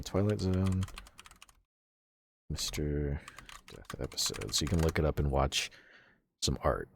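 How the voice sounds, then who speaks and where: Streamer guy w a super low husky voice, rambly casual chat, dead dry mic. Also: no echo. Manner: rambling, lots of "like" fillers, swears casually. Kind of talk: casual chat retelling a story.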